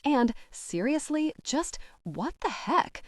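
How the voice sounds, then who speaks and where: A woman's voice: sits high, very animated, slow pace, no echo, clean studio sound, voice pushed up, exaggerated voice. A woman voicing a curious, impulsive young woman with a wry, incredulous way of talking.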